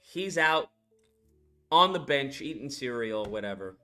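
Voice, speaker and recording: A man's voice: medium pitch, lively intonation, a little slow, bright, forceful tone, soft background music. A man casually recapping a movie in a rambling, crude rant full of fillers. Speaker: movie reviewer. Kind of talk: casual ranting film recap.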